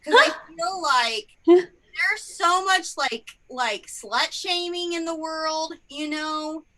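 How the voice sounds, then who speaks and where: A woman's voice: high voice, slow, pushed and bright. A woman doing improvised stand-up comedy in a rambling, self-deprecating way, full of fillers and tangents. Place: theatre stage.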